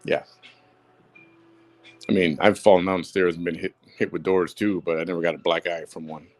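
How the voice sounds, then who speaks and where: Deep-voiced chicago guy ranting blunt and fired up on his own audio show. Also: level tone, moderate pace, darkish tone. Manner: blunt, repetitive, heated. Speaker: podcast host. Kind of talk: solo audio rant.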